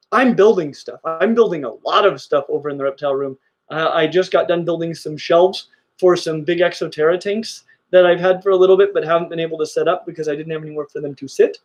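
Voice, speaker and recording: A middle-aged man talks casually and eagerly as the host of a livestream. His voice sits a little high for a man, and he gushes with enthusiasm. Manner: enthusiastic, gushing. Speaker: reptile channel host.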